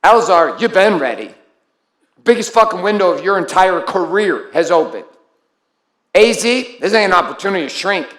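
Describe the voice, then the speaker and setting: A man's voice: high voice, animated, normal speed, fairly bright tone, reverberant. A man giving a blunt, profane and intense motivational speech to his group, calling on people by name. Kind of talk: live motivational speech to an audience.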